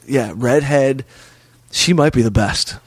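A man's voice: mid-range voice, takes it slowly, husky, no room sound. A man in casual podcast chat, a comedian swearing and telling a story in a streetwise way. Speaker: comedian guest.

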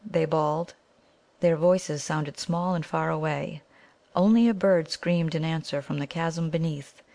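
A woman narrating a children's adventure novel in a measured way. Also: low-pitched, gravelly, warm tone. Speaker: audiobook reader. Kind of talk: storybook narration.

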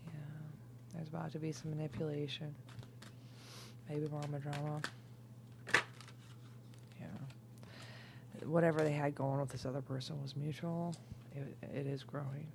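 A tipsy woman doing a casual, rambling tarot reading, swinging between loud outbursts, laughter and whispers. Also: low voice, little pitch movement, moderate pace, gravelly, pauses often, very noisy. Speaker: tarot reader.

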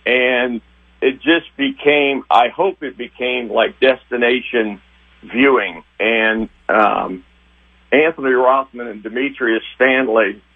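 An older man, a retiring TV sports director, reminiscing with emotion in a rambling, halting way. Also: medium pitch, gravelly, husky. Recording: tinny phone line.

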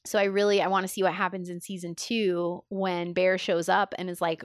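A woman's voice: on the low side, level tone, normal speed, no echo, clean studio sound. A woman co-hosting a podcast, chatting casually and enthusiastically, often saying "like". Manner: chatty, enthusiastic, frequent filler "like". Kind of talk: casual chat.

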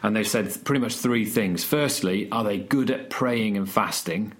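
A man's voice: lowish voice, normal speed. A man, a student church leader chatting on a podcast, telling stories with energy and frequent restarts. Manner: storytelling, animated, many restarts. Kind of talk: casual podcast conversation.

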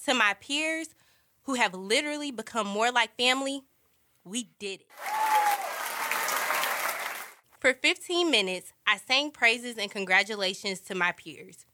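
A woman's voice: fairly high pitch, normal speed, crowd noise, noisy background, close to an everyday voice. An actress playing an earnest young college woman. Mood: proud. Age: young adult. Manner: heartfelt, expressive narration. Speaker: lead character and narrator. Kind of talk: audio drama narration and dialogue. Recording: score music underneath. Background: music.

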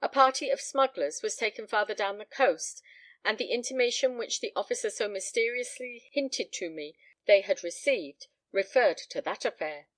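A woman's voice: medium pitch, expressive, moderate pace, fairly bright tone, no echo, natural voice. A woman voicing a grave, anxious elderly father, speaking solemnly and earnestly.

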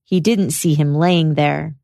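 A woman hosting a podcast, giving a measured, scripted narration of a trial's testimony. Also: low voice, steady tone, creaky, dark tone, no echo, studio quality. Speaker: podcast host. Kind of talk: scripted true-crime narration.

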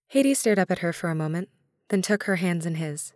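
Low-voiced woman narrating a story. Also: animated, brisk, a little mellow, dry recording, studio quality.

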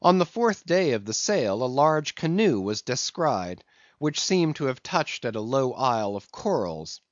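Male audiobook narrator, plain steady reading, dry muffled recording. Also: medium pitch, measured pace, no room sound. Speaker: audiobook reader. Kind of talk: scripted narration.

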